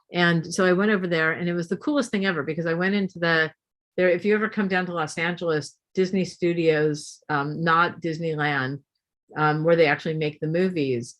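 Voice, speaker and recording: A middle-aged woman with a low voice, appearing as a guest speaker, tells a story to an audience in a lively way, asking them questions as she goes.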